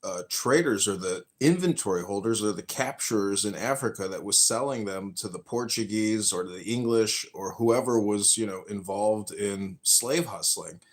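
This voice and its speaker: A man with a fairly low voice hosts a political talk show. He lays out his points in a measured, explanatory way, with the odd filler word. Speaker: podcast host. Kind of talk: casual political discussion.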